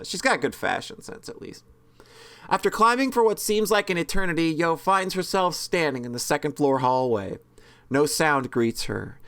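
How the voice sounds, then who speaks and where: With a fairly high, pushed and bright voice, a man hosts a let's-play of a horror visual novel, reading the narration aloud. He cracks casual jokes along the way and corrects himself frequently.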